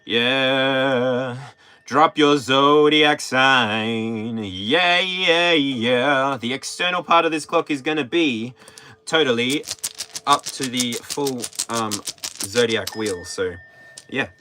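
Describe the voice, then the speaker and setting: A man's voice: mid-range voice, animated, slow pace, bright, forceful tone, a little hiss or hum. An Australian man hosting a tarot livestream, chatting playfully and breaking into snatches of song. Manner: playful, sings snatches of songs between remarks. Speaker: tarot reader, livestream host. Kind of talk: casual livestream chat with singing.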